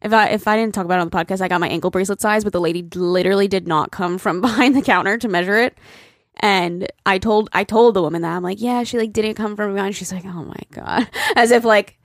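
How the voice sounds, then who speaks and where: A woman's voice: medium pitch, fast talker, no echo. A young woman co-hosts a podcast and chats casually, her words full of "like" and the odd swear word. Her voice sits in a middle range for a woman. It is recorded dry and close, with no room sound. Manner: chatty, filler-heavy, says "like" a lot, swears casually. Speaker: podcast co-host. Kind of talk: casual chat.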